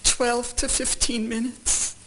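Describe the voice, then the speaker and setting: A woman's voice: on the high side, flat delivery, slow pace, noisy background. An older woman giving testimony in a courtroom, answering questions with brief, careful replies. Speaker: witness.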